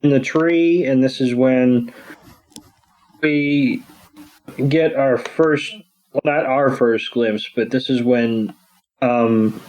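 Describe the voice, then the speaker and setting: Slow, rambling man in the middle range. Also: medium pitch, steady tone, a little mellow, rough recording. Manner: rambling, many ums and restarts. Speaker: podcast co-host. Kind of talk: casual episode recap.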